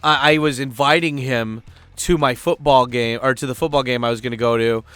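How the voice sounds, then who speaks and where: A man's voice: medium pitch, fairly even intonation, brisk, a bit bright, clear, resonant tone, no room sound. A man living abroad, telling a story in a casual vlog rant, rambling and swearing freely. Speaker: vlogger living in Japan.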